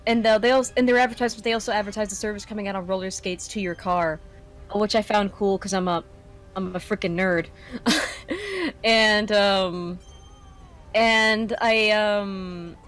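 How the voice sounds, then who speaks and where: A woman's voice: medium pitch, fairly bright tone. Chatty young woman, full of fillers. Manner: filler-heavy, giggly, reads chat aloud. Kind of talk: casual chat while gaming.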